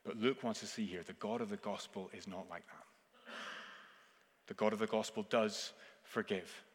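A man preaching a sermon earnestly, swinging between forceful emphasis and hushed, intense passages. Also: fairly low pitch, steady tone, normal speed. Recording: long reverb of a large hall.

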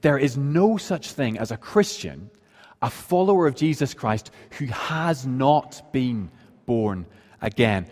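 A man's voice: medium pitch, a little mellow. A man preaching a sermon as pastor of his church. He explains scripture earnestly and asks the congregation rhetorical questions. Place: church sanctuary. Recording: long reverb of a large hall.

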